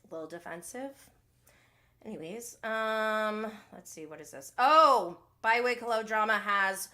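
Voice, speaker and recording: Chatty woman with a bright voice. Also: medium pitch, measured pace. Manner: chatty, animated, gossipy, reads comments aloud. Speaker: podcast host. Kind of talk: casual live recap chat.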